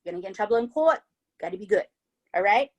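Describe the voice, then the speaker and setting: Calm, laid-back young Australian man, mid-twenties, a put-on accent by a woman podcaster. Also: mid-range voice, quick pace, lightly acted. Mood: calm persuasion. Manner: easygoing, reasoning gently. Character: calm 25-year-old Australian man, very chill.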